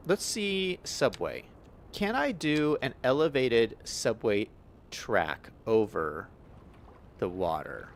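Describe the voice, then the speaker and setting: A man's voice: mid-range voice, sing-song, takes it slowly, a little hiss or hum. A young man giving casual gameplay commentary, upbeat and chatty, thinking aloud as he plays. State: hiccups. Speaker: gaming YouTuber.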